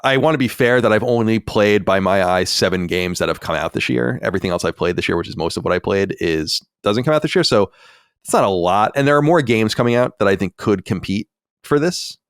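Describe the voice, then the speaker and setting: A man in his forties with a low, smooth, resonant voice hosts a casual podcast. He rambles candidly, with plenty of fillers and asides. The sound is close and dry. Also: animated, fairly quick, no echo. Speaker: podcast host.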